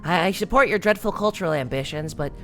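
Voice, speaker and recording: A man's voice: high voice, fast talker, fairly bright tone, faint music behind. A man reading as a dazed young woman singer.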